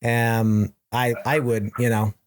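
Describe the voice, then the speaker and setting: A man hosting a podcast, warmly encouraging his guest and repeating words as he starts his sentences. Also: mid-range voice, little pitch movement, takes it slowly, clear, resonant tone, dry recording, clean studio sound. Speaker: podcast host. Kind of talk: casual interview chat.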